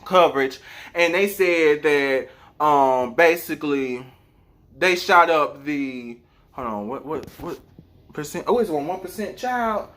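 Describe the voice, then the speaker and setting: A man's voice: a little high, lively intonation, measured pace, a bit bright. A man from South Mississippi giving earnest personal commentary, full of rhetorical questions. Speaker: vlogger.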